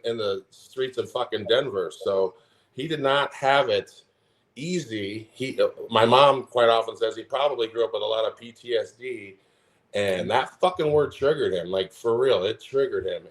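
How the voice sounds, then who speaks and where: A man in his forties talks in a casual podcast chat, swearing constantly and building his stories with heat. His pitch sits right in the middle for a man. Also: moderate pace. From Omaha, Nebraska. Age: 40s. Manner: profane, heated storytelling. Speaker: podcast co-host.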